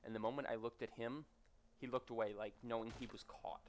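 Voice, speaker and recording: A man's voice: mid-range voice, fairly even intonation, brisk, slight background noise. A man giving casual, rambling commentary over his own gameplay, chatty and nitpicky. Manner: rambling, self-described nitpicky, chatty asides. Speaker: gaming commentator.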